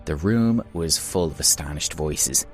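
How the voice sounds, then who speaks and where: A man narrating a scripted story in a dramatic, expressive reading. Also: a bass voice, a little slow, soft background music.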